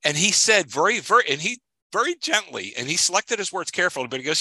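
A man's voice: high-pitched, big pitch swings, fast, sharp tone, husky, no room sound. A man co-hosting a casual podcast, talking sports with heated, emphatic rants and repeated phrases. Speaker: podcast co-host.

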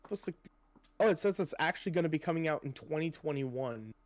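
Young male co-host, casual rambler, fillers and swearing, voice a touch high. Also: expressive, quick pace, no room sound. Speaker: podcast co-host. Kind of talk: casual chat.

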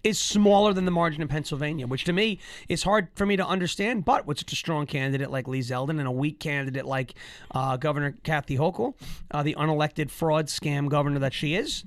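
A man co-hosts a casual political show with a high-pitched voice. He talks in a mocking, animated way and keeps jumping into silly voices. The recording is dry and close, with no room sound. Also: a little fast, no room sound. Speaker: co-host.

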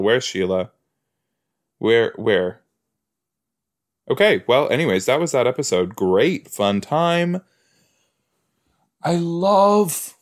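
Slow-talking man chatting casually. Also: lowish voice. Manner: chatty, animated reactions, frequent "like" and "you know". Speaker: podcast host reacting to a TV episode. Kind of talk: casual reaction commentary.

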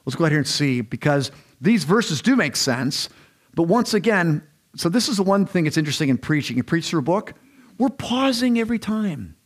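A man preaching a sermon in a church, conversational and rambling, often restarting his sentences. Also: high-pitched. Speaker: pastor. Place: church sanctuary.

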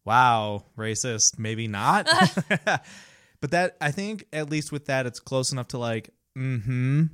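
Casting: male podcast co-host, unhurried and halting, smooth dry voice. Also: mid-range voice, a bit bright, dry recording. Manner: hesitant, full of fillers and restarts. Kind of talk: casual chat.

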